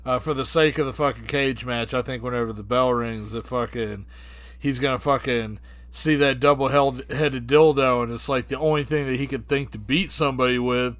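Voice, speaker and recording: A man co-hosting a podcast, telling a rambling, profane comic story in an animated way. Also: mid-range voice, normal speed, dry recording. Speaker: podcast co-host. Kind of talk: comedic storytelling.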